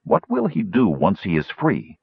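A man voicing a stern, honor-bound knight who speaks in a measured way. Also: lowish voice, wildly swooping pitch, gravelly, breathy edge, dry recording, narrow, tinny audio, heavily acted.

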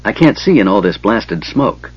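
Male reader doing half-elf leader, commanding, hurried, slightly higher than his narration. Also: very animated, slightly rough, lo-fi sound. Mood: urgent. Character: young half-elf leader, urgent and firm.

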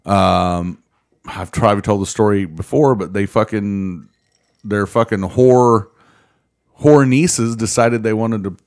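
A man in his thirties telling heated, profanity-laden stories in casual chat. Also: fairly low pitch.

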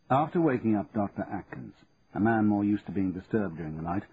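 Male narrator, measured audiobook reading, tinny narrow audio. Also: on the low side. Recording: tinny narrow band, faint hiss.

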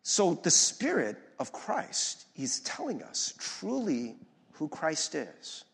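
A man preaching a sermon as pastor, lively and conversational, often asking the audience to follow along. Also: on the high side, slow pace, creaky, slightly rough. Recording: long reverb of a large hall.

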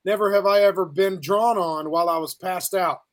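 Host, man with a high voice, jokey and quick to laugh. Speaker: podcast host. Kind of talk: casual chat.

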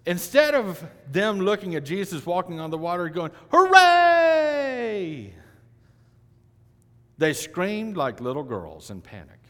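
A male pastor delivering a sermon, swinging between loud emphatic lines and hushed, quiet ones. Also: on the high side, very animated, normal speed, hardly any pauses. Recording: long hall reverb.

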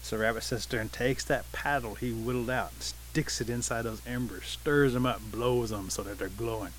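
A man telling an animal folk tale in English, setting each scene in a relaxed, vivid way. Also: medium pitch, normal speed, slight background noise, poor audio. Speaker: storyteller.

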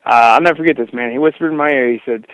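A man's voice: medium pitch, rapid-fire, dry recording, poor audio. A young man, a wrestler guest, telling stories in a casual interview, rambling with lots of fillers and "dude".

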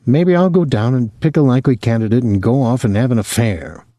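A man voicing a bitter, restless young wife who speaks in a sharp, sardonic way. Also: mid-range voice, brisk, dry recording, studio quality, natural voice. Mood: biting. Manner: sardonic, cutting.

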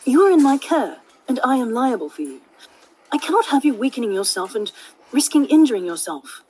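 A woman voicing a guarded, sharp-tongued male vampire elf, speaking in a clipped, stern way. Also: a little high, very animated, a little fast, husky, rough recording.

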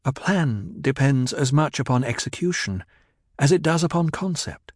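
A man's voice: mid-range voice, expressive, no echo, voice pushed up, close to an everyday voice. Jessica, a man voicing a cool, guarded noblewoman. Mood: dry. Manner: dry, measured tone.

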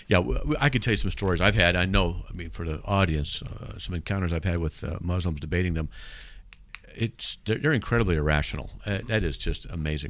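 A man's voice: low voice, a bit bright, no room sound. A man hosting a call-in radio show, joking and playful with his guest. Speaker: radio host.

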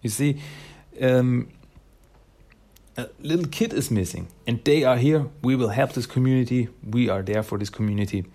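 A man's voice: mid-range voice, moderate pace, dark tone. A man casually reviewing a comic, rambling, with frequent hesitations. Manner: rambling, with frequent fillers and laughs.

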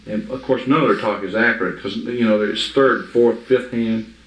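A man's voice: on the low side, fairly even intonation, normal speed, a bit bright. A man giving informal Bible teaching to a small group, talking in a conversational, emphatic way and often checking that his listeners understand. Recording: echoey room, mic from afar.

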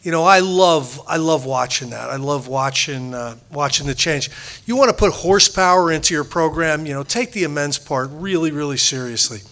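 A man's voice: fairly high pitch, moderate pace, a bit bright. A man sharing his personal recovery story with a meeting group, rambling and self-deprecating, with frequent restarts.

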